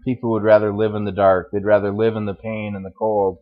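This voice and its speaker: A man's voice: on the low side, flat delivery, a little fast, narrow, tinny audio. A man preaching a sermon as pastor, earnest, asking his listeners questions along the way. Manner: earnest, asks the audience questions.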